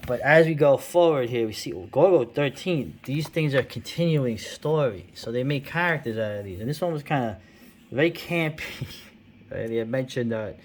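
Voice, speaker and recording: A man's voice: lowish voice, slight background noise. A middle-aged man from New York City, talking over comic books in a loose, rambling way. He fills his talk with fillers and asides and chuckles often. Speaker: comics video host. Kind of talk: casual rambling commentary.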